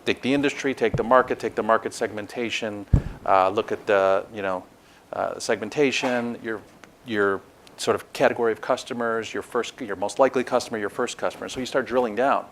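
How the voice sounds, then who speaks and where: A man's voice: lowish voice, brisk, a bit bright, slight background noise. A man interviewing a guest, explaining lessons to an audience in a teacherly way. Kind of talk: interview questions and commentary.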